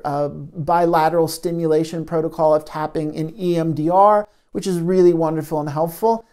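A man, a trauma therapist, gently giving a self-help talk to camera into a microphone, soft-spoken with many pauses. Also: a little high, clean tone. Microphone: studio microphone.

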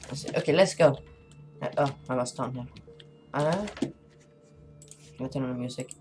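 A woman's voice: rumbling low, moderate pace, over music. A woman giving casual commentary while playing a horror game, chatty and talking to her viewers, jumpy and easily startled, with nervous laughter.

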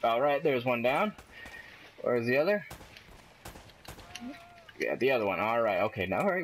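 A man giving casual gameplay commentary, excitable and trash-talking, yelling at enemies and cheering himself on. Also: mid-range voice, moderate pace, long pauses, a little hiss or hum. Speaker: gaming commentator.

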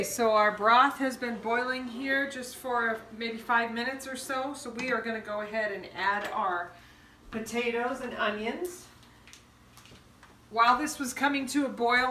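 A woman's voice: on the high side, unhurried, pushed and bright, a little hiss or hum. A woman hosting a home cooking show, talking in a chatty, folksy way as she walks through each step. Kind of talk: casual cooking demonstration. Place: home kitchen. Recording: echoey kitchen, mic a bit far off.

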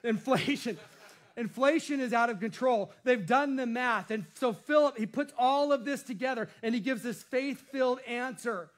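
A man's voice: very high-pitched, normal speed. A male pastor preaching a sermon with a playful style, cracking jokes and laughing at himself.

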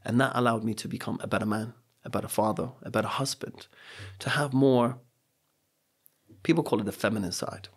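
Fairly quick and on the low side with a breathy edge, this middle-aged man speaks in British English as a podcast guest. His reflective conversation is earnest, with stories driven by emphatic repetition.

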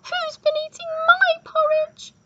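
A woman voicing a tiny baby bear cub in a storybook reading, with a squeaky, very high voice. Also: level tone, measured pace, dull audio, very noisy. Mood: upset.

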